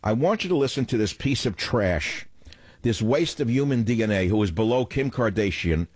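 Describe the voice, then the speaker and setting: A man's voice: medium pitch, animated, normal speed, a little mellow, no echo. A man hosting a radio talk show, delivering a combative, scornful opening monologue.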